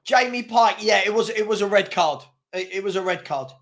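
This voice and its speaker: A fairly high-voiced man talks over a live match as a fan host. He is exasperated and chuckling, calling the play and answering his chat. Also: brisk, a bit bright. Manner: exasperated, laughing, reading chat aloud. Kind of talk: live match watchalong commentary.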